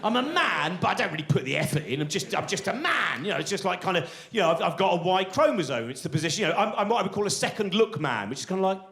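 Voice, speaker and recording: A man in his forties tells a meandering stand-up story and pokes fun at himself. He keeps restarting and wandering into asides. His voice sits high and swings widely in pitch. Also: big pitch swings, fast talker, gravelly, hardly any pauses, fairly bright tone. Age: 40s. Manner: rambling, self-deprecating, lots of restarts and asides. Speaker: stand-up comedian.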